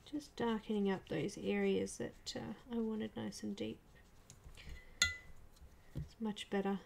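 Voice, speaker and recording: A soft-spoken woman talks casually through a live coloring stream, her voice slipping into quiet murmurs and whispers now and then. Her tone has a gravelly edge, and a faint hiss of background noise sits under it. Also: mid-range voice, flat delivery, takes it slowly. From Australia. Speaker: livestream coloring artist.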